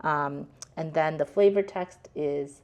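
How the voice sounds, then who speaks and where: Low gravelly woman explaining casually. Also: slow, darkish tone. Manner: chatty, explains word by word, many fillers. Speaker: host. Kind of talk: casual language lesson.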